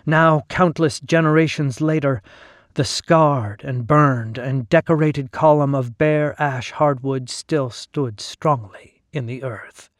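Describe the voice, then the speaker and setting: A man narrating a scripted first-person story, reading in a measured, solemn manner. His pace is slow and unhurried, and the sound is dry and close, with no room echo. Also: fairly high pitch.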